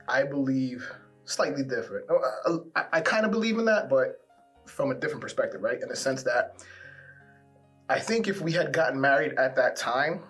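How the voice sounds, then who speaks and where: A man in his forties telling his side of a love story in a candid, casual way, repeating words when he gets animated. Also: medium pitch. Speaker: guest sharing a love story.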